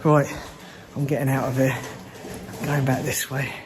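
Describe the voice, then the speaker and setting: A man exploring an abandoned hospital at night, hushed and frightened, swearing and shaking with fear as he talks to his camera. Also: mid-range voice, little pitch movement, normal speed. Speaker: urban explorer. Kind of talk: whispered solo vlog. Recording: noisy handheld camera audio.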